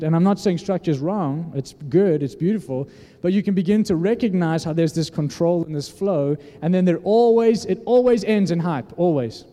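Slightly high and warm, a man's voice delivers a sermon with earnest, conversational sincerity, frequently restarting sentences. A long hall reverb fills the recording.

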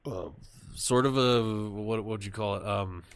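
A man hosting a podcast, chatting casually and telling animated, profane stories. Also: fairly low pitch, moderate pace. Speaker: podcast host. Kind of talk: casual chat.

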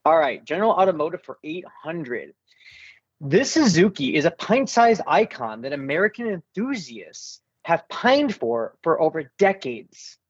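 A man's voice: on the high side, big pitch swings, unhurried, slightly rough, dry recording. A man hosting a casual car quiz game, reading out clues with playful asides. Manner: playful, reads clues aloud. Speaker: quiz host. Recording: muffled lo-fi audio.

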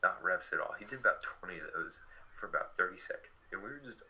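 Bright-toned young man telling a story. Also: low-pitched, quick pace, poor audio. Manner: chatty, many fillers, lively retelling. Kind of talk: casual storytelling.

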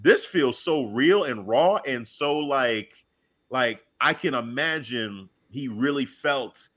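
Animated man recapping wrestling excitedly. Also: medium pitch, takes it slowly. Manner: excited, animated retelling with acted-out reactions. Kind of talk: casual wrestling podcast chat.

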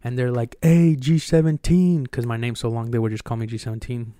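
In a casual storytelling chat, a young podcast co-host moves at a quick pace through a personal story, swearing freely and staying animated. There's no echo; the sound is dry and close to the mic, and his smooth, clear voice stays fairly even in pitch.

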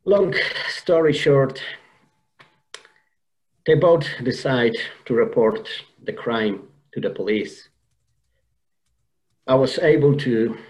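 Here a man's mid-range, darkish voice comes through poor audio as he earnestly tells an emotional personal story as a podcast guest. He keeps restarting and repeating words throughout the interview.

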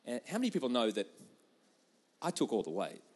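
A man preaching a sermon, earnest and acting out prayers, swinging between loud outbursts and hushed moments. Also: medium pitch, huge pitch swings, brisk, husky. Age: adult parent. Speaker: pastor.

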